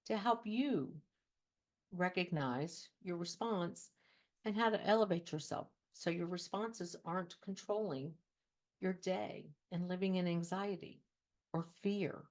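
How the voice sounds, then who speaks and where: A woman with a somewhat low voice hosts a coaching talk show. She speaks earnestly and conversationally, with the easy pace of casual advice. She leans on repeated phrases to drive her points home. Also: expressive, takes it slowly, pauses often.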